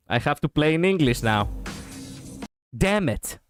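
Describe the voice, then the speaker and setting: A young man with a Greek accent streaming a game reaction, excitable, laughing and swearing, jumping between loud outbursts and muttering. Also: on the high side, normal speed, no echo, clean studio sound. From Greece.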